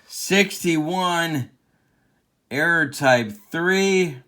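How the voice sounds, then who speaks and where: A man's voice: medium pitch, slow pace, fairly bright tone, a little hiss or hum. A man doing play-by-play commentary of a tabletop baseball game replay, with an announcer cadence and open rooting for his team. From Central Illinois.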